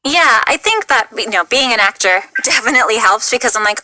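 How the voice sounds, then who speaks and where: Bright-voiced young woman voice actor. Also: fairly high pitch, very animated, brisk, hardly any pauses, no room sound, rough recording. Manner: chatty, self-deprecating, frequent fillers. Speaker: voice actor and voice director. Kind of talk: casual interview chat.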